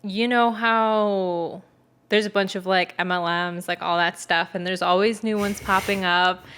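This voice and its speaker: This podcast host is a young adult woman speaking a little slowly in a mid-range voice that's fairly bright, clear and resonant, with fairly even intonation. Her casual chat is loose and profane, heavy on "like," and she acts out the quotes in the family stories she retells.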